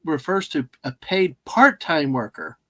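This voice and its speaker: A middle-aged man co-hosts a casual chat, talking freely and wandering into explanations. His voice sits somewhat high for a man, and the recording is dry and close. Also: very animated, measured pace, fairly bright tone, dry recording. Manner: talkative, digressive, explaining. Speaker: co-host.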